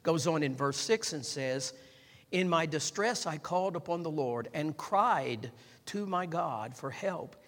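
A man preaching a sermon, repeating phrases and building up to shouts, and calling on the congregation to respond. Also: fairly high pitch, animated, measured pace. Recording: long hall reverb.

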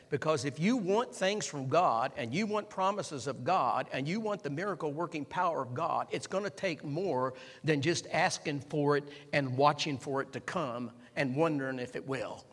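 A man preaching a sermon, repeating phrases and building up to shouts, and calling on the congregation to respond. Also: a little high, animated, normal speed. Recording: long hall reverb.

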